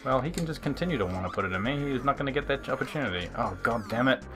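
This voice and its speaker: A man giving casual, excitable commentary on a retro game he is playing, swearing and laughing at it. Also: medium pitch, very fast. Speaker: let's play host. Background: faint game music.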